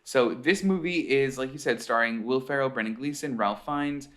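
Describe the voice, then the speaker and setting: A man's voice: mid-range voice, normal speed, fairly bright tone. A man co-hosting a casual podcast over a video call, enthusiastic and self-deprecating. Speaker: podcast co-host. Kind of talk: casual chat.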